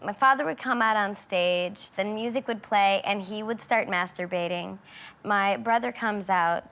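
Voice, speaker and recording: A woman's voice: medium pitch, a little slow, a bit bright. A woman comedian telling a joke in character, in a matter-of-fact, casual way.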